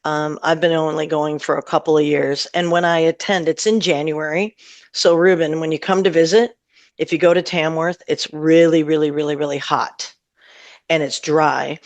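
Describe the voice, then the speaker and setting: A middle-aged woman talks through her music career in a rambling, friendly way, often laughing between thoughts. Her voice has a gravelly, creaky texture. The sound is dry and close, with no room echo. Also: deep voice, steady tone, normal speed. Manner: chatty and warm, laughs often, rambles with fillers. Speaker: singer-songwriter guest. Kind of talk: casual interview chat.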